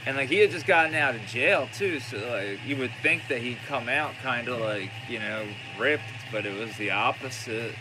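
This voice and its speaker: A man's voice: mid-range voice, moderate pace, hardly any pauses, music in the background, low-quality recording. A man hosting a vlog in casual chat, rambling and loose with lots of filler words. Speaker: vlog host.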